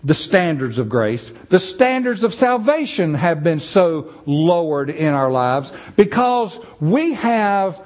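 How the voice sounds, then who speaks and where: Lively high-voiced male preacher. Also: slow pace, few pauses. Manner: animated, acts out quoted voices. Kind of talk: sermon.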